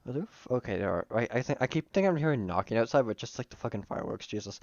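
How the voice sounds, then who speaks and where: Male streamer, excitable and profane, chatty game commentary into a dry, slightly dull desk mic. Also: medium pitch, racing, creaky, hardly any pauses, no room sound. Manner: excitable, swearing, bursts of laughter. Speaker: streamer playing a visual novel.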